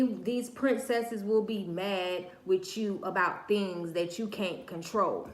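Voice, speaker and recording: Speaking in a medium-pitched, somewhat mellow voice, a woman delivers an opinionated livestream monologue that's slangy, emphatic, preachy, and repetitive. The sound is roomy.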